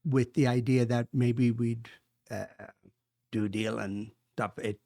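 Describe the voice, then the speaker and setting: A man's voice: medium pitch, fairly even intonation, unhurried, dark tone, no room sound, clean studio sound. A man in his sixties from Ireland with an Irish accent, chatting upbeat as a podcast guest and pub owner. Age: 60s. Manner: upbeat, chatty, swears freely. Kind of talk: casual chat.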